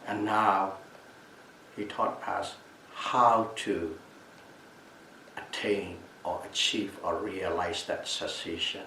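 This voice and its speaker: A male meditation teacher giving a calm Buddhist Dhamma talk at a retreat, repeating and restating key terms as he explains them. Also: low voice, slow, creaky, long pauses. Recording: echoey room, mic at a distance, faint background noise.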